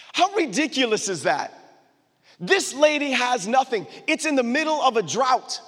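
A man's voice: very high voice, very animated, moderate pace, fairly bright tone, long reverb tail. A man preaching a sermon to a live congregation, emphatic and repetitive, calling on the audience to answer back. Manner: emphatic, repeats call-and-response phrases to the crowd.

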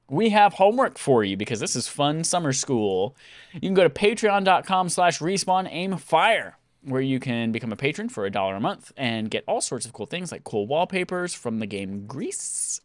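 A male podcast host with a lively, swooping delivery who cracks jokes as he wraps up. His voice sits at a middle pitch. The sound is close and dry with no room around it. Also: normal speed, no echo. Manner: jokey, animated. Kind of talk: casual podcast sign-off.

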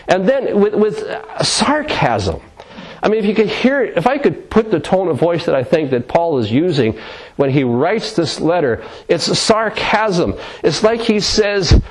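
A man preaching with real fire, his voice sitting a little high and swinging widely up and down. He acts out the scripture he quotes, sometimes slowing right down for weight and sometimes pushing forward. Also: very animated. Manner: passionate, dramatic, voicing scripture with shifting tone. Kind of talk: sermon.

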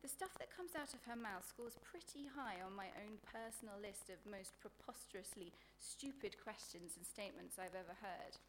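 A woman reads her own comic prose at a live book event, with a faint hiss behind her. Her delivery is sardonic and deadpan, and she lands crude insults with dry relish. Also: mid-range voice, normal speed, few pauses. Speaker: author reading her work.

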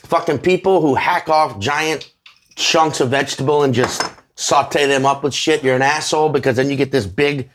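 A man chatting casually in a kitchen while cooking, given to profane, animated rants. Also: mid-range voice, normal speed. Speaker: guest cook.

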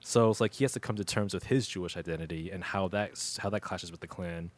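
Low-voiced man chatting about films. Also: fast, no room sound. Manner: rambling, many fillers and restarts, slangy. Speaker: podcast co-host. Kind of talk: casual movie review chat.

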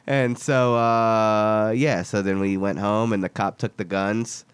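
A young man from Texas telling a story in casual chat, animated and swearing as he acts out the voices of the people in it. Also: on the low side, unhurried, few pauses, clear, resonant tone, dry recording.

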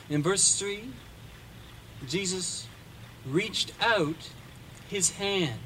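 A man preaching a sermon, retelling a story with dramatic shifts in pace and loudness. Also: high-pitched, lively intonation, extremely slow, pauses often, background noise. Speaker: pastor.

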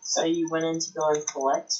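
A woman with a very low voice plays in a tabletop game and tosses in playful asides. The recording sounds dull and lo-fi. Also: level tone, a little fast, darkish tone. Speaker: player.

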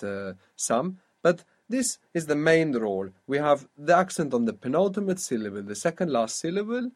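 Patient male Arabic teacher. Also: medium pitch. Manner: patient, quizzing a student and modelling pronunciation. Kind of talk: spoken language lesson.

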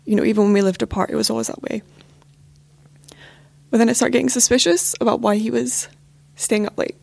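A woman's voice: fairly high pitch, steady tone, brisk, creaky, darkish tone, no echo. A young woman telling a personal story on a podcast, candid and hesitant, with frequent fillers. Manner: candid, hesitant, lots of "like" and "you know". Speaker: podcast guest.

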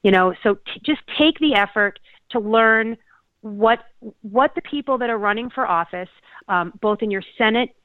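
A woman from Connecticut co-hosting a talk show, speaking earnestly and haltingly with many restarts. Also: on the high side, no echo. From Connecticut, USA. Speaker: podcast co-host. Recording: tinny phone-like dry sound.

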